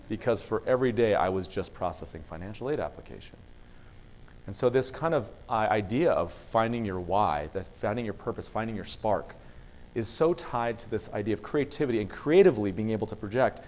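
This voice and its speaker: Speaking fairly quickly in a low-leaning voice, with a little hiss or hum on the audio, a university vice president of student affairs motivates students. He's a lively storyteller who performs the dialogue in his tales.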